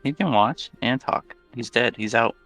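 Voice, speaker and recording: A man hosting casual commentary on an online strategy game, firing off questions and stumbling over words when excited. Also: medium pitch, moderate pace, faint music behind. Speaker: commentator and host.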